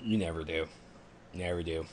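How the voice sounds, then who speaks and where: A man's voice: sits low, steady tone, normal speed. A young man co-hosting a gaming podcast, reading forum posts aloud and chatting in a self-deprecating, easygoing way. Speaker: podcast co-host. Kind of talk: casual gaming podcast chat.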